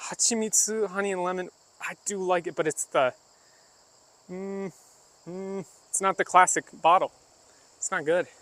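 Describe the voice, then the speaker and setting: Walking through the countryside, a man chats with his live-stream audience in a loose, casual way, using many fillers and asides as he explains things. He speaks in a high-pitched, fairly bright voice with fairly even intonation, at a moderate pace and with frequent pauses.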